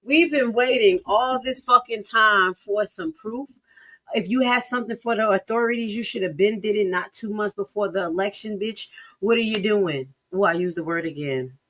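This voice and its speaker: A woman streamer with reacts in heated, sarcastic bursts. She curses freely and drops from loud outbursts to low mutters. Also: normal speed. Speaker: live-stream commentator. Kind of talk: profane reaction commentary.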